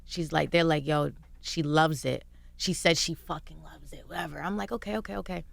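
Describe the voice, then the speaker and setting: A woman's voice: low-pitched, a little fast, creaky. A young woman telling a story as a guest on a radio show, in casual chat and acting out what others said. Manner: animated storytelling, acting out quotes. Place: radio studio. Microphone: studio microphone.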